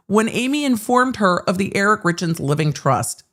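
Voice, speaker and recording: Sarcastic woman host, lowish voice. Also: sing-song, brisk. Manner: sarcastic, blunt, swears freely. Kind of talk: live legal commentary.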